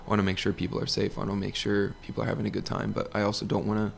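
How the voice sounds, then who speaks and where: A man who manages a bar, talking as a podcast guest in a relaxed, laid-back way. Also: lowish voice, rapid-fire, creaky, slight background noise. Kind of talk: casual conversation.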